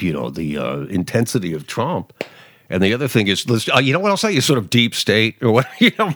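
A sarcastic man talking through political commentary in a casual, lively way. His voice sits fairly low and swings widely in pitch. The sound is dry and close, with no room echo. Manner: sarcastic, animated, mocking voices with laughs.

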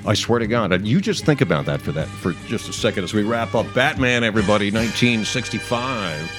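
A man's voice: on the low side, expressive, fairly quick, music in the background. A man hosting a casual talk show, telling digressive stories with frequent restarts and chuckles. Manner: chatty, digressive storyteller with frequent restarts and laughs. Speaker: radio or podcast host.

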